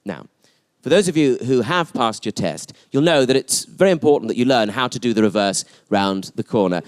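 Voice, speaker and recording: A man's voice: medium pitch, animated, fairly quick. A man doing stand-up storytelling, camp and arch with spiteful asides. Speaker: stand-up comedian. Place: comedy venue stage. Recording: noisy live club recording.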